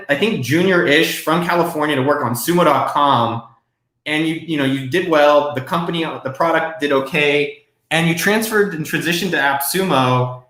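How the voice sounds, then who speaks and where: A man hosting a live Q&A stream from his desk, talking casually and excitably, with some swearing. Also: fairly high pitch, echoey room. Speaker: host.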